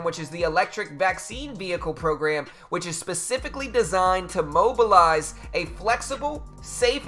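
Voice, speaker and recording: A man talks loosely to his live-stream chat about the market in a bright, forward voice that sits a little high. He drops casual slang like bro and dude. Faint music plays underneath. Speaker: livestream trading host.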